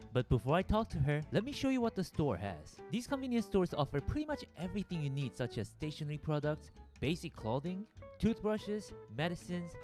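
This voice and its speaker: A man's voice: on the high side, darkish tone. A man from Korea narrating a travel vlog in an upbeat presenter style, asking viewers questions.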